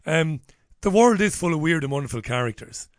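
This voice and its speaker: A radio host with a fairly high, slightly fast voice interviews a guest in the studio, keeping things chatty and jokey with lively banter. There's no echo on the recording.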